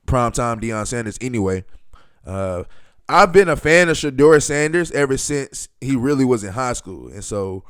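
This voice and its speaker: A man hosting a solo podcast, talking loosely and emphatically, with many fillers and sudden bursts of excitement. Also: medium pitch, clear, resonant tone, dry recording, clean studio sound. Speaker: podcast host.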